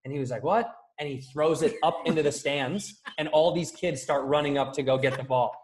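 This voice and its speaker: Animated storytelling man from Chicago. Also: fairly high pitch, fairly quick. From Chicago area. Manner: animated storyteller, acts out quoted voices. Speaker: podcast guest. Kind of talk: casual podcast storytelling.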